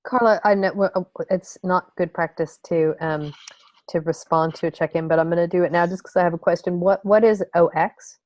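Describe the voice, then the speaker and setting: A woman's voice: lowish voice, steady tone, brisk, a little mellow. A woman facilitating a meeting check-in over a video call, brief and encouraging as she passes the turn.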